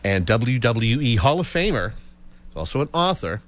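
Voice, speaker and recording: A man's voice: medium pitch, moderate pace. A man hosting a radio talk show in a studio, talking casually with many restarts. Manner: chatty, animated, frequent restarts.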